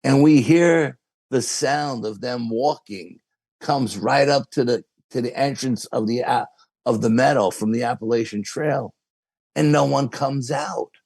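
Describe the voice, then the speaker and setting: A man's voice: medium pitch, a little slow, vocal fry, darkish tone, no room sound. A man with a New York accent, a podcast guest telling a long story with quoted dialogue. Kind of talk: casual storytelling.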